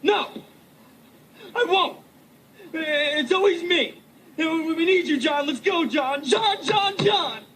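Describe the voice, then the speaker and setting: Woman putting on a whiny high-voiced jock, teen, emotional, comic podcast bit. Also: slow pace, pauses often, a bit bright, slight background noise, exaggerated voice, poor audio. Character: whiny teen jock boy breaking down, and his gruff coach.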